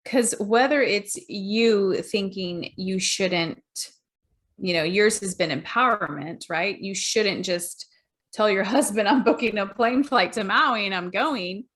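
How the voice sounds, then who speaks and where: A woman's voice: mid-range voice, takes it slowly, a bit bright. A woman hosting a casual podcast conversation, talking in a conversational way and checking in with her guest. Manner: conversational, checks in with "right?" and "you know". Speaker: podcast host.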